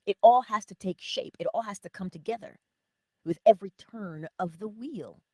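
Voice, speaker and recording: A woman giving an animated motivational talk, often laughing and talking straight to her viewers. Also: medium pitch, moderate pace, breathy edge, no echo, studio quality. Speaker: inspirational speaker.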